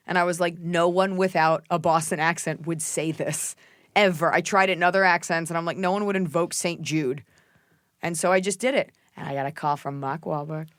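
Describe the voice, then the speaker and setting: A young adult woman from Texas hosting a podcast, joking and teasing her father in quick casual banter. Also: on the low side, fairly even intonation, dry recording, clean studio sound. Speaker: podcast host. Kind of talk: casual chat.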